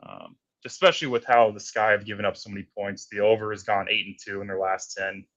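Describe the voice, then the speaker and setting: Low-voiced betting panelist man. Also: fairly even intonation, quick pace, fairly bright tone, highs cut off. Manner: confident, uses fillers, talks lines and odds. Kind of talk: casual betting show chat.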